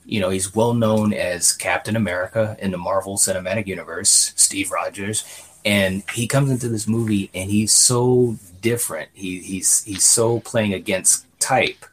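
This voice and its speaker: Husky, low-voiced man chatting casually. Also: normal speed. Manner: rambling, filler-heavy, often says "you know". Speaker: podcast co-host. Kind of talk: casual movie review chat.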